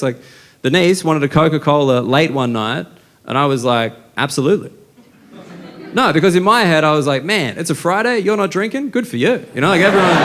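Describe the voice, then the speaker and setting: Crude Australian man doing stand-up. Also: on the high side. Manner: crude, deadpan storytelling with quick asides. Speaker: stand-up comedian. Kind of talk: stand-up set. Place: comedy club stage with audience. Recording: live club recording, noisy with laughter.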